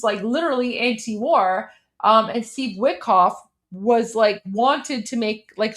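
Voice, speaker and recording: A young adult woman from Iran, whose voice is a little high, hosts a live stream reacting to a hearing. She's heated and scornful, and she regularly repeats herself for emphasis.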